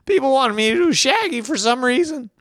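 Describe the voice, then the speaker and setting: A hoarse man with laryngitis doing an impression of a jittery young cartoon slacker in a cracking, drawling falsetto. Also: animated, brisk, fairly bright tone, dry recording, clean studio sound. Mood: goofy.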